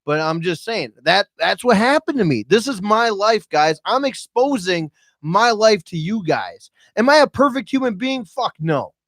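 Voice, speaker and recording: Emotional, profane man, higher voice. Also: very animated, normal speed, a bit bright, no echo. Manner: emotional and profane, talks straight to viewers. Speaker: podcast guest. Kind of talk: candid storytelling chat. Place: podcast studio with cameras.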